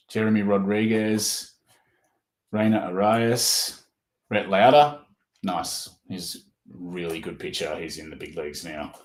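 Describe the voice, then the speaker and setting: A man with an Australian accent, giving casual running commentary as he opens trading cards. He rattles off player names and perks up at good pulls. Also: sits low. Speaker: card breaker. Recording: roomy echo.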